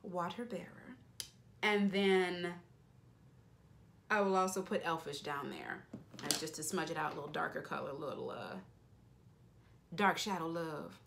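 A woman's voice: sits low, normal speed, creaky, pauses often, a bit bright, a little hiss or hum. A young woman beauty vlogger chatting playfully as she narrates each step of her makeup routine. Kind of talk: casual makeup tutorial chat.

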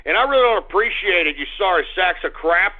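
A man hosting a call-in radio show, ranting loudly and cursing whenever he gets angry. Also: sits high, expressive, fast talker. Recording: lo-fi phone-like radio audio.

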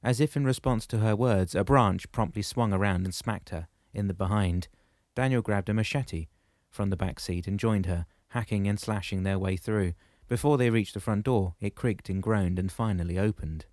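A man reading a novel aloud in a steady, measured storytelling manner. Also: on the low side, no echo, studio quality. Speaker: audiobook narrator. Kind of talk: scripted narration.

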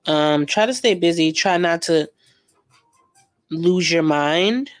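A woman's voice: on the low side, slow, faint music behind. A young woman, chatting and gossiping casually while she paints live, slangy and laughing often. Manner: slangy, laughs a lot, animated storytelling. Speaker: art vlogger painting live.

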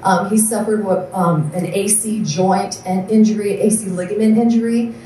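A woman tells earnest testimony stories in a mellow voice, slipping into the voices of the people in them. She sounds distant from the mic, in a very reverberant hall, with faint ambient noise. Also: medium pitch, steady tone, normal speed. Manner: earnest storyteller, acts out quoted voices. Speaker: nurse giving a testimony. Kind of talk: personal testimony speech. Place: large event hall. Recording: echoey room from far off.

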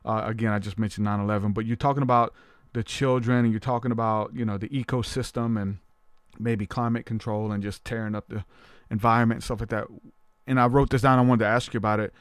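A man hosting a podcast in casual conversation, chatty and hedging, talking in quick bursts. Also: fairly low pitch, fairly even intonation, smooth, no echo, studio quality. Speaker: podcast host.

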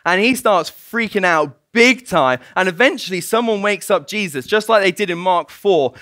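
A man preaching a sermon, spinning a story with lively, swooping intonation and a bright, forceful tone. He sits a little high for a man, and the sound is dry and close. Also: moderate pace, no echo. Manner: storytelling, animated, laughs often. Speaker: guest preacher.

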